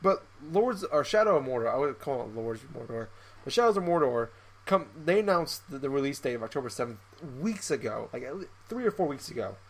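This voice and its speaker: A man's voice: mid-range voice, fairly quick. A young man co-hosting a casual podcast, joking and ranting, often repeating his words. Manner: animated, joking, repeats himself while ranting. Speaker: podcast co-host. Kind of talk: casual chat.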